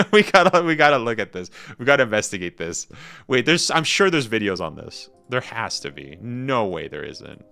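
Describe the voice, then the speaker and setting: A young Canadian man with a Canadian accent, rambling and excitable in casual live-stream chat with slang. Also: mid-range voice, moderate pace, vocal fry, smooth, soft background music. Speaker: gaming streamer.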